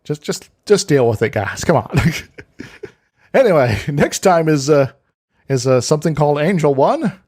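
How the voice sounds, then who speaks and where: A man co-hosting a podcast in casual chat, playful and quick to laugh. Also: fairly high pitch, animated, a little mellow. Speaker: podcast co-host.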